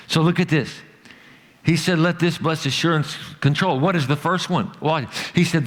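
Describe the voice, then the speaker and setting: A man preaching a sermon as pastor, emphatic, swinging between loud, rising declarations and hushed, slow passages. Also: fairly high pitch, big-room sound. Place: church sanctuary.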